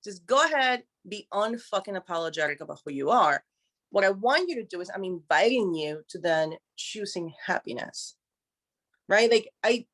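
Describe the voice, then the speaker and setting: A woman's voice: mid-range voice, fairly bright tone. Direct woman coach on a live stream, emphatic, swears a lot. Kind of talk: motivational live-stream talk.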